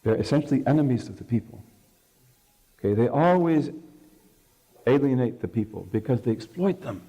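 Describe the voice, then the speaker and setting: An older man giving a religious lecture to an audience, telling stories in an animated way and asking listeners questions. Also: mid-range voice, moderate pace, highs cut off. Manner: storytelling, animated, acts out quoted speech.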